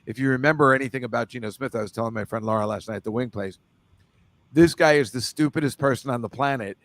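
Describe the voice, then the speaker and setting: A man's voice: medium pitch, fast talker, a bit bright, dry recording. A man hosting a casual football picks chat over a video call, rambling loosely and laughing often. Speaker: host.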